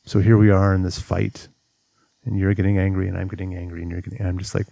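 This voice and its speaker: A man's voice: sits low, flat delivery, fast talker, creaky, mellow, no room sound, clean studio sound. A man giving relationship advice as a coach, talking straight to the viewer and acting out what a person might say to themselves. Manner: earnest, steps through advice, acts out inner monologue. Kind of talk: direct-to-camera advice talk.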